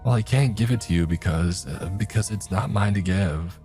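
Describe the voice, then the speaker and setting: A man's voice: low voice, normal speed, warm tone, faint music behind, pitched above the performer's own voice, natural voice. A man voicing a frightened teenage boy who stammers and pleads. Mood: nervous pleading.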